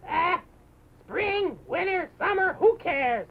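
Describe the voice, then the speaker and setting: A man's voice: very high voice, lively intonation, slow, full character voice. A man voicing a bored, lonely female witch puppet who sighs and sulks in dramatic, self-pitying outbursts, on a muffled 1950s television broadcast recording. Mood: mopey. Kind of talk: live television puppet show.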